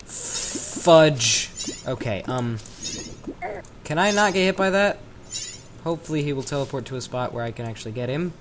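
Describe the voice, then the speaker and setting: A man's voice: mid-range voice, fairly quick, pauses often, slight background noise. A man from the American South giving rambling, chatty let's-play commentary with self-mocking asides, talking into a desk microphone. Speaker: gaming commentator.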